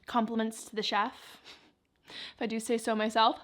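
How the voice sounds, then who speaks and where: A woman's voice: fairly high pitch, level tone, moderate pace, a bit bright. A young woman vlogger chatting casually, answering viewer questions while she eats. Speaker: plant vlogger.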